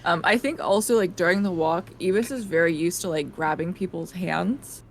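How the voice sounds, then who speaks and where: A woman's voice: fairly low pitch, normal speed, a little hiss or hum. A woman playing a tabletop game, rambling with many fillers. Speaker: player.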